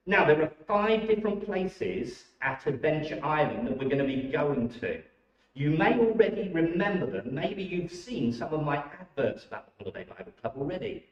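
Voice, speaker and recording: A man with a high voice leads children's warm-ups for a church holiday club. He talks in an enthusiastic, encouraging, exclamatory way. He sounds far from the mic in an echoey church hall, and the recording is dull. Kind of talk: leading a children's warm-up and briefing.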